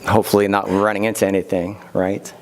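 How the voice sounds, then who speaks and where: A man's voice: on the low side, flat delivery, quick pace. A middle-aged man giving a heartfelt acceptance speech at an awards event. He thanks people one by one, with light asides.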